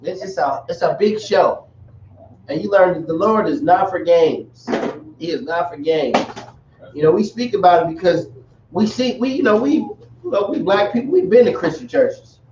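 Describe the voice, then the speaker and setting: A man's voice: sits high, animated, normal speed, darkish tone, a little hiss or hum. A man giving a casual, rambling religious lesson with jokey asides. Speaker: religious teacher. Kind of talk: casual teaching talk. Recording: echoey dull recording from far off.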